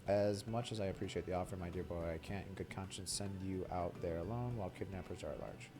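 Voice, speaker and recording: A polite, formal older gentleman from a fantasy game, read aloud by a male streamer. He speaks in measured, courteous phrases, a touch lower than everyday talk. Game music runs clearly underneath. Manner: formal, polite reading of scripted lines.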